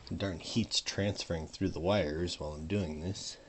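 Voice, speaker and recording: A hobbyist modder with a deep, fairly even voice narrates casually while soldering hardware at his home workbench, speaking at normal speed. He mumbles and trails off mid-thought, leaning toward and away from a desk microphone, and there's a little hiss or hum.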